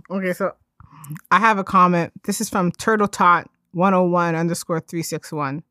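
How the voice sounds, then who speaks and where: A woman's voice: on the low side, fairly even intonation, moderate pace, sharp tone, no echo, clean studio sound. A woman co-hosting a podcast in casual chat, giggly and chatty, often trailing off and restarting. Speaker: podcast co-host.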